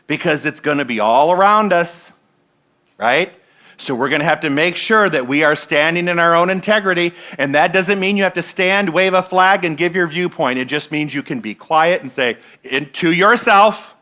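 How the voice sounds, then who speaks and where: A man's voice: high voice, sharp tone. A man minister preaching a sermon to his congregation in a conversational way, asking them questions. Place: church sanctuary.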